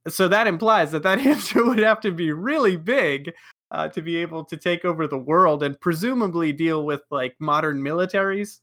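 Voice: medium pitch, moderate pace, a bit bright. A podcast host in a casual group chat, laughing often while leading the discussion.

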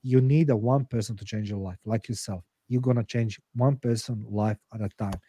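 A man's voice: lowish voice, fairly even intonation, moderate pace, warm tone, husky, no echo, studio quality. Earnest, blunt middle-aged man, non-native English. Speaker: podcast guest and author. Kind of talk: emotional, candid interview talk.

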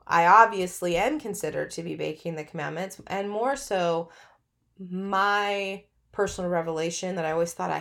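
A woman's voice: on the low side, vocal fry, a bit bright. A middle-aged woman hosting a podcast, telling her own story in a candid, chatty way and often laughing mid-sentence. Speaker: podcast host. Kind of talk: personal storytelling monologue.

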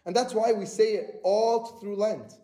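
High-voiced guy giving an earnest sermon, mellow tone, roomy church echo. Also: unhurried. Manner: earnest, repetitive, with restarts. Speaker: preacher.

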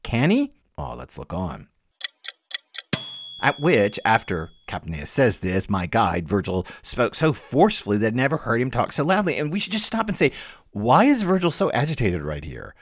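Male podcast lecturer, expressive pitch swings, dry close recording, wry and animated. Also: normal speed, no room sound. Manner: animated, lively emphasis with wry laughs. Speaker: podcast host and literature teacher. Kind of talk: lecture-style close reading.

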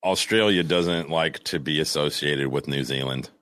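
A man's voice: very deep voice, moderate pace, a bit bright, no echo. A man co-hosting a podcast in casual comedic chat, making dry, wisecracking remarks. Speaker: podcast co-host.

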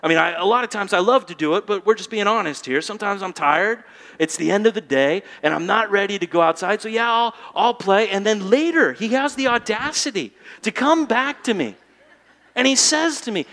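Male pastor, thirties, chatty sermon style with questions to the crowd, high voice. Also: animated, a little fast, fairly bright tone. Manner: conversational, asks the congregation questions. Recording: long hall reverb.

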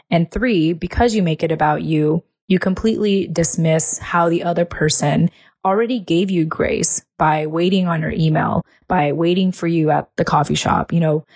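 Woman, podcast co-host, somewhat low pitch, reflective, methodical, casual chat. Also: vocal fry, darkish tone. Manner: reflective, lays out points step by step.

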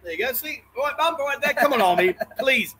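Man, live-stream host, teasing banter, high voice, bright tone. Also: animated, fast, slight background noise, low-quality recording. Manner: teasing banter, reads viewer comments aloud. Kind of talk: casual live-stream chat. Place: bar.

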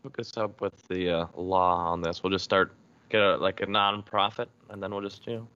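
A man's voice: low-pitched, level tone, moderate pace, pushed and bright, clear, resonant tone, highs cut off. A man co-hosting a podcast in casual chat, blunt and wisecracking. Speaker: podcast co-host.

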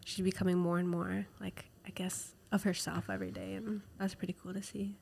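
A woman co-hosting a podcast, telling family stories in a relaxed, self-deprecating way. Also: medium pitch, fairly quick, creaky, husky. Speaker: podcast co-host. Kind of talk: casual chat. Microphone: podcast microphone.

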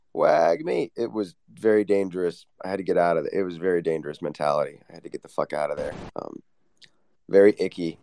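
A man telling stories in a casual online voice chat, animated and profane. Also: lowish voice, clear, resonant tone, dry recording. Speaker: guest speaker.

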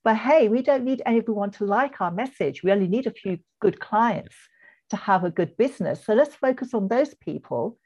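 A woman's voice: medium pitch, lively intonation, normal speed, a little mellow. Encouraging English-accented woman coach, podcast guest, slightly dull audio. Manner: earnest, encouraging, reflective. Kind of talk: podcast interview.

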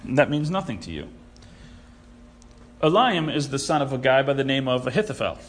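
A man preaching a sermon, animated and sarcastic, who acts out the people he quotes. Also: medium pitch, normal speed. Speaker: pastor.

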